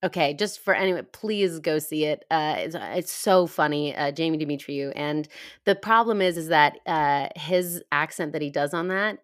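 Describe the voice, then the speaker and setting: A woman, a podcast guest chatting in an animated, giggly, self-deprecating way. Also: low voice, moderate pace. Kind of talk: casual conversation.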